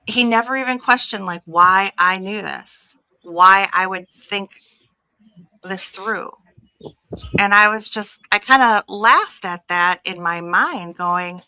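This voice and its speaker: Bright-voiced woman telling a story. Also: mid-range voice, slow pace, smooth, dry recording, low-quality recording. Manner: animated retelling, acts out quoted exchanges. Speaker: guest telling her story. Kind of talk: casual storytelling chat.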